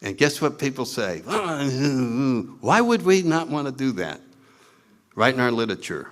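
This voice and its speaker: Man with a lively, animated delivery. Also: mid-range voice, normal speed. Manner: animated, acts out his own past lines in put-on voices; wry and self-mocking. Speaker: speaker at a recovery meeting. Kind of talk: storytelling talk to a meeting audience.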